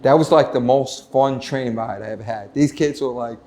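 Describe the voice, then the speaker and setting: A middle-aged man, a retired police lieutenant telling stories in an interview, animated and full of restarts. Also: medium pitch, moderate pace. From United States. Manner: animated storytelling, many restarts, acts out quoted voices. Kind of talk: casual interview talk.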